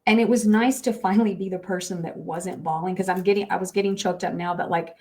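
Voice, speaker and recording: On a podcast she co-hosts, a middle-aged woman recounts something personal in an open, chatty way, full of emotion and sincerity and peppered with fillers. She talks quickly in a lowish, slightly mellow voice with fairly flat intonation.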